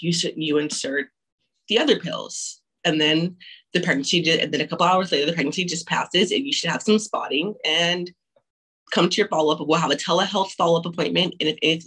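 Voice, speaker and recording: A woman's voice: lowish voice, brisk, a bit bright, slightly rough, rough recording. A young woman telling her own abortion story frankly and candidly, with frequent restarts and casual swearing.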